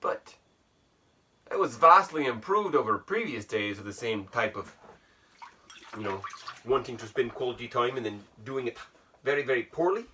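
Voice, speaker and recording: A man's voice: medium pitch, animated, moderate pace, pauses often, pushed and bright, distant mic, slight background noise. A man vlogging while sitting in an ice bath at home, musing aloud in a rambling, self-mocking way with a put-on Irish brogue. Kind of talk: casual reflective monologue.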